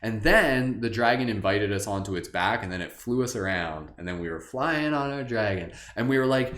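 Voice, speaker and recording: Man, meditation host, casual rambling chat, playful, lowish voice, roomy echo. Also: expressive, normal speed, fairly bright tone. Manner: rambling, heavy use of "like"; playful, wondering.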